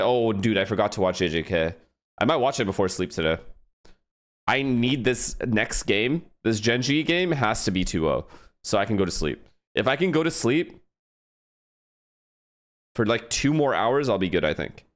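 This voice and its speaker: A man's voice: lowish voice, normal speed. A man in casual, rambling chat, hosting a watch party and talking to his stream chat; his first language is Gujarati. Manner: rambling, animated, swears casually.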